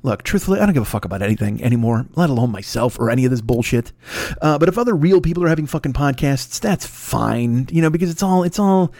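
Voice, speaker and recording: A man's voice: medium pitch, expressive, fast, a little mellow, no echo, clean studio sound. A middle-aged man hosting his own podcast alone, ranting in a rambling, profane, self-mocking way. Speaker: podcast host. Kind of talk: solo podcast monologue.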